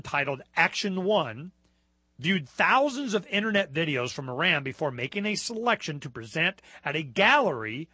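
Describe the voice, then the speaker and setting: A man hosting a talk show, reading news items out loud and drifting into rambling asides with lots of fillers and restarts. His voice is bright and a touch high. The sound is close and dry, with almost no room around it. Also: no room sound.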